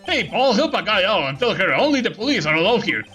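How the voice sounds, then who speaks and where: A woman voicing a clumsy, gruff male police detective in a let's-play of a game. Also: mid-range voice, very animated, quick pace, a bit bright, faint music behind, pitched above the performer's own voice. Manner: gruff, blustering.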